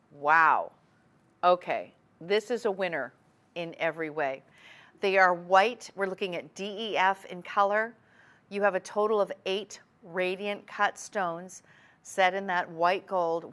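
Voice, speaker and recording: A woman hosting a TV shopping show, giving a chatty, enthusiastic sales pitch. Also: a bit bright. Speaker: TV shopping host.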